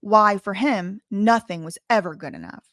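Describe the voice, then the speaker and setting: A woman's voice: mid-range voice, normal speed, a bit bright, no room sound, studio quality. A woman reading a memoir aloud and breaking off into casual spoken asides. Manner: reads passages then breaks off into chatty asides.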